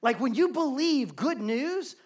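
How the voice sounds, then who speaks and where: A man's voice: very high voice, animated, measured pace, darkish tone. A man preaching a sermon as pastor to a live congregation, earnest and building his points through repetition. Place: church sanctuary, live service.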